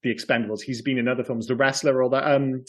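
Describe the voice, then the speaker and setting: A man's voice: mid-range voice, level tone, quick pace. A man co-hosting a film podcast, talking in a casual, opinionated way, swearing freely and often restarting his sentences. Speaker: podcast co-host.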